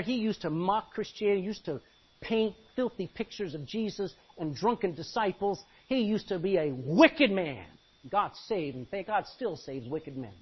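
Male pastor, sermon delivery, animated and joking, lively pitch, slightly husky. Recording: dull lo-fi recording.

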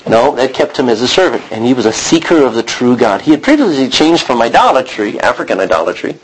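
A man's voice: mid-range voice, big pitch swings, quick pace, slightly rough, low-quality recording. A man preaching a sermon, telling a personal story in a rambling way, often restarting and acting out what he said. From Texas. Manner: rambling storytelling, frequent restarts and self-quotes.

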